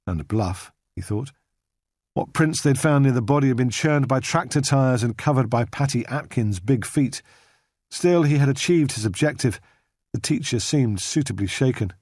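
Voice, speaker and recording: A man narrating a crime novel for an audiobook in a measured, understated way, recorded on a studio microphone. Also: mid-range voice, a little mellow, slightly rough, no room sound. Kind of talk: scripted narration.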